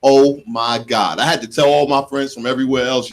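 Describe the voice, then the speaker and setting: A man in his forties, from the United States, hosting a radio show in a studio and telling stories in an animated, joking way, laughing at himself. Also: mid-range voice, normal speed. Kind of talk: casual radio talk.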